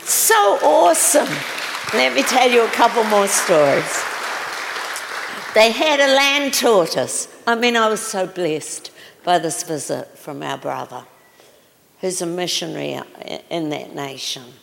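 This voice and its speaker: A woman's voice: medium pitch, animated, a little slow, vocal fry, crowd noise, background noise. A woman preacher telling stories in a sermon, full of exclamations and questions to her listeners. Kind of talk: sermon storytelling. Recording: long reverb of a large hall.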